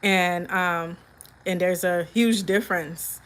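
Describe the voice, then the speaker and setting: A woman's voice: fairly low pitch, fairly even intonation, slow, poor audio. Chatty woman hosting a live cooking stream. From Liberia. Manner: chatty, answers viewer comments as she cooks. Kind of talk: casual live-stream chat. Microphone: phone.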